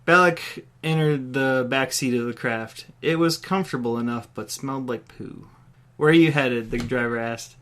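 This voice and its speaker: A man's voice: medium pitch, moderate pace, hardly any pauses, a bit bright, clean tone. A man hosting a podcast, reading his own comedic story aloud and laughing at his own jokes.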